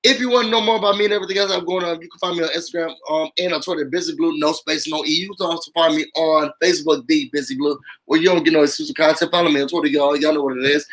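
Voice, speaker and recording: Talking very fast with few pauses, this YouTube host has a voice on the high side and comes through poor audio. He chats animatedly and directly to viewers during a casual live-stream with call-ins, using lots of "um" and "y'all."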